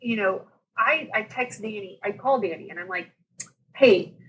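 A woman in her thirties telling her birth story as an interview guest, lively and laughing, acting out the voices of the people in it. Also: medium pitch, moderate pace, breathy edge, lo-fi sound.

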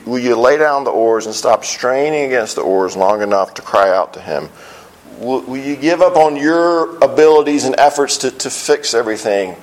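A man preaching a sermon as pastor, earnest, often restarting phrases and slowing down on key lines. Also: fairly high pitch, rough recording. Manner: earnest, repeats words when starting phrases, slows on key lines.

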